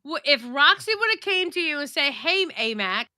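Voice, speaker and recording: A woman's voice: very high-pitched, normal speed, no room sound, clean studio sound. A woman hosting a livestream, chatting casually with blunt, profane rants. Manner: blunt, profane, animated ranting. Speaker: stream host. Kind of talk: casual stream chat.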